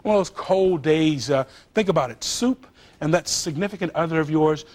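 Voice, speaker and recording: A man's voice: a little high, normal speed. Chatty man hosting a TV cooking show. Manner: chatty, animated, jokes with crew. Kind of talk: TV cooking demonstration. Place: TV studio kitchen.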